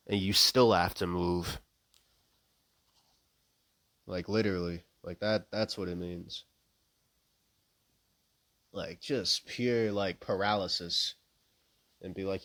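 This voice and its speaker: Low-voiced man in a raw rant. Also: steady tone, takes it slowly, long pauses, a bit bright, no echo. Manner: profane, rambling, heavy fillers, restarts, wry laughs. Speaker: vlogger. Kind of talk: unscripted spoken rant. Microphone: close microphone.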